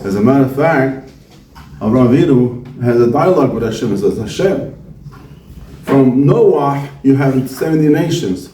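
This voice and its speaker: Man, rabbi's Torah lesson, mellow dark voice, heard from a distance in an echoey hall. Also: mid-range voice, normal speed. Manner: animated, asks and answers his own questions. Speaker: visiting rabbi. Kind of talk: Torah talk to students. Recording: echoey room, speaker away from mic.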